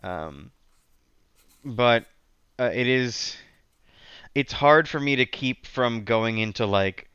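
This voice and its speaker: A man's voice: medium pitch, expressive, slow, long pauses, a bit bright, clear, resonant tone, no room sound, dull audio. A man chatting casually as a guest about his tabletop character, rambling with many restarts and fillers. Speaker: podcast guest, tabletop player. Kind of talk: casual chat.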